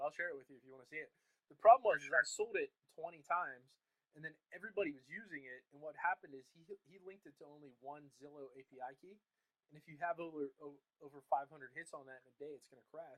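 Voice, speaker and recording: A man's voice: a little high, pushed and bright, no room sound, poor audio. A man telling stories as a guest in a casual interview, candid and often laughing, on a video call. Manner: rapid, laughing, candid storytelling. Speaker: guest, chatbot course creator.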